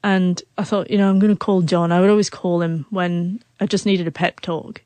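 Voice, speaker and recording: A woman's voice: fairly low pitch, steady tone, moderate pace, darkish tone, no room sound. A woman in her forties, an author telling a personal story in an interview, who stutters on the first sounds of words. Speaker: author and guest.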